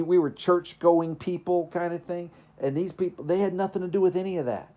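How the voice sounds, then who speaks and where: A man's voice: fairly high pitch, a little mellow, lo-fi sound. A man from Texas with a Southern accent, preaching in a casual, conversational way, telling personal stories and asking the listeners rhetorical questions. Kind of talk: informal sermon with personal stories.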